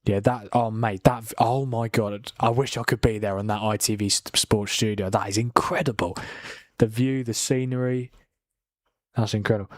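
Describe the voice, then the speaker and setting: A man's voice: lowish voice, steady tone, moderate pace, no room sound. A young man chatting casually on a live football watchalong stream, a little tired, swearing now and then and reading out viewer comments. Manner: chatty, swears, laughs, reads out viewer chat. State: tired from a long night of watching.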